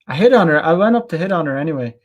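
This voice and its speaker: A man's voice: a little high, lively intonation, racing, highs cut off. A young adult man from Ireland, ranting in a rambling, blunt, profane way on a casual livestream and reading out chat comments. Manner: rambling, many restarts and fillers, blunt and profane. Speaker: channel host.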